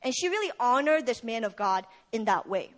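Young woman, high voice, casual sermon storyteller with a lot of fillers. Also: sing-song, brisk. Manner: retells the story with acted quotes, casual fillers. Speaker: speaker at a prayer meeting.

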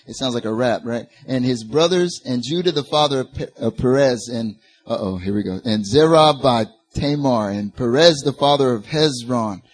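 A man's voice: medium pitch, moderate pace. A man preaching a sermon, building to emphatic peaks and turning to the congregation with casual asides. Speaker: pastor.

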